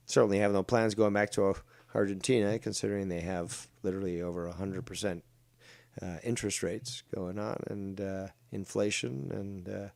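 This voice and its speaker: A man's voice: on the low side, vocal fry, a little mellow, no room sound, clean studio sound. A man commenting on online drama during a livestream, mocking, sarcastic and full of profanity.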